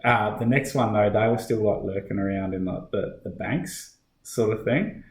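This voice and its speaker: A middle-aged Australian man recounts his police work in a loose, conversational way, stacking fillers and restarting sentences as he goes. His voice sits on the lower side, and the room gives it a noticeable echo. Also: moderate pace, slight background noise. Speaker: guest, police officer. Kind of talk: casual podcast interview.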